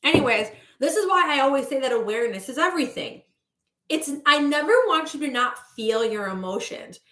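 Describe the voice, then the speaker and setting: A woman's voice: sits high, animated, brisk, fairly bright tone, roomy sound. A woman manifestation coach in a breezy, chatty livestream talk, greeting viewers as she goes.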